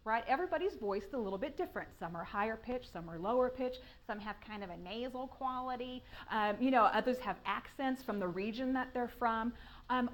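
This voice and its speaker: A woman giving a writing workshop talk to a room of listeners, animated and laughing often as she acts out questions. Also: a little high. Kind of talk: conference talk. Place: room with an audience.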